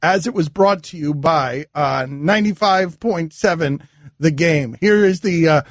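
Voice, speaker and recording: A middle-aged man hosting a sports radio show, riffing fast and breaking into giggles as he banters. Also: fairly high pitch, no room sound.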